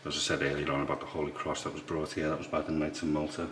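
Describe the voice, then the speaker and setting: A man quietly explaining history as he walks visitors through a museum in an old priory. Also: little pitch movement, very fast. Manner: hushed, low-key explaining. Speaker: history tour guide. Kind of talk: walking tour vlog. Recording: echoey room with background noise.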